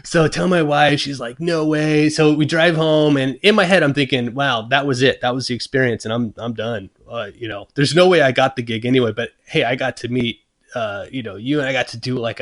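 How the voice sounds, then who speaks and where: Man telling a lively story. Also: medium pitch. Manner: animated, acts out his own thoughts and quotes; many fillers and restarts. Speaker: guest luthier. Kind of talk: casual storytelling.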